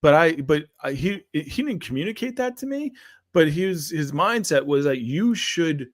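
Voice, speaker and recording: A man's voice: fairly high pitch, animated, normal speed, dry recording. A man hosting a morning show, talking casually in a solo monologue, rambling with repeated words and frequent "right?" and "like".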